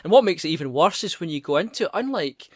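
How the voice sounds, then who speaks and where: A man with a fairly high voice speaks bluntly and dismissively as a film review co-host. He breaks into laughter often. His voice is recorded close and dry. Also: expressive, quick pace, no echo. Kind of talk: casual review chat.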